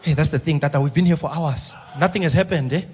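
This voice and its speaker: A man's voice: a little high, fast, a little mellow, husky. A man doing a panicky young aide. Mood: pleading. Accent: South African. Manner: pleading, repeating himself. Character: panicky young male aide, anxious and pleading.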